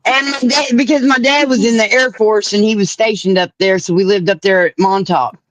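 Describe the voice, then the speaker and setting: A guest from New York chatting casually on a livestream. They joke around and ramble through drawn-out asides. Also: medium pitch, fairly even intonation, a crowd in the background, low-quality recording. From New York, USA. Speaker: guest on a stream.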